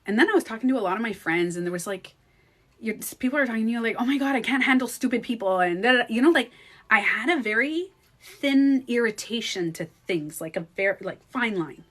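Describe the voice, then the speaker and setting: A woman vlogger telling a personal story in casual chat, animated and swearing freely. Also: fairly high pitch, a little fast. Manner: animated, swears freely, acts out quoted speech. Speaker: beauty coach vlogger.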